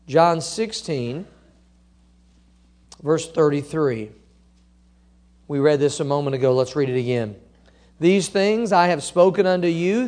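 Man, high-pitched voice, pastor preaching a sermon, emphatic repetition. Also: darkish tone. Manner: preaching with rising emphatic bursts and repeated scripture quotes.

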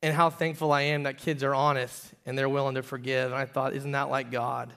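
A man in his thirties preaching a sermon as pastor, telling a personal story and moving between loud emphatic peaks and quiet, hushed confession. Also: medium pitch, little pitch movement, a little fast, gravelly.

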